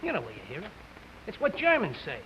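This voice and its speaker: An actor playing a surly, bigoted young construction worker who grumbles in coarse slang, in a 1950s live television drama. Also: male voice, high voice, huge pitch swings, fast talker, sharp tone, full character voice. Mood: sneering. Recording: dull lo-fi 1950s TV audio with faint hiss.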